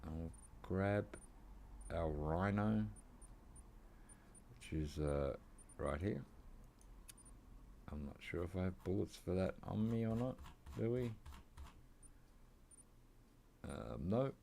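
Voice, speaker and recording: A man's voice: deep voice, lively intonation, takes it slowly, gravelly, pauses often, mellow, a little hiss or hum. An Australian man rambling casually while he plays a hunting game, drifting into side chat. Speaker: gaming channel host. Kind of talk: casual gameplay commentary.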